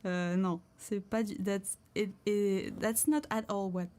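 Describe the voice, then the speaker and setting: A woman's voice: medium pitch, fairly even intonation, measured pace, warm tone. A woman with a French accent, a craft streamer in a casual live chat, thinking aloud with many restarts while she beads. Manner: hesitant, thinking aloud, answers chat comments. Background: violin music.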